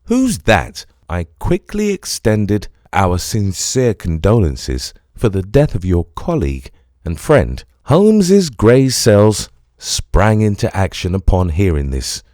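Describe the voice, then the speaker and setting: A man giving scripted first-person audiobook narration in an expressive, storytelling manner. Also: on the low side, slow, no room sound, studio quality.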